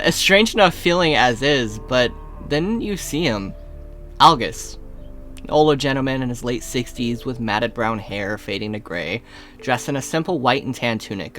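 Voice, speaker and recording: A man running a tabletop game as game master, narrating descriptively with frequent pauses and fillers. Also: mid-range voice, pushed and bright. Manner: descriptive, slows for atmosphere, frequent uhs.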